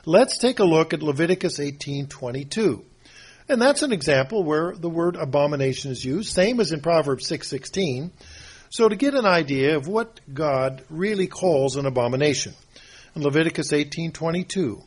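A husky older man delivers a homespun sermon. He rambles from story to scripture, and his voice sits a touch higher than most men's. He clears his throat often as he goes. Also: expressive, moderate pace. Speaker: preacher. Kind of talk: folksy sermon.

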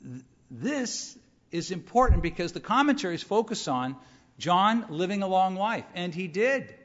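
A middle-aged man delivers a sermon in a measured, conversational tone, often posing rhetorical questions. His voice sits a little high. The sound is muffled and rings with the long reverb of a large hall. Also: fairly bright tone. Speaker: preacher.

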